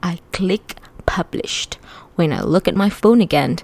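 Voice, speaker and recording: Woman reading a ya novel out loud, kinda low voice, wry and chatty. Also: lively intonation, a little slow, vocal fry. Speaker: audiobook reader. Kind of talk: first-person audiobook narration.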